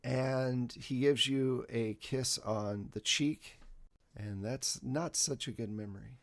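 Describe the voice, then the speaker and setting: A man running a tabletop game as game master, telling the scene in a relaxed way with many fillers. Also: mid-range voice, slow. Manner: relaxed, filler-heavy storytelling.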